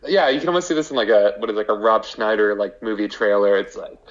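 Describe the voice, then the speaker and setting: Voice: mid-range voice, fast talker. Jokey co-host chatting about a show, lots of likes, kinda muffled lo-fi sound. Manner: animated, jokey, lots of fillers. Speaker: podcast co-host. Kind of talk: casual chat. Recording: dull lo-fi sound.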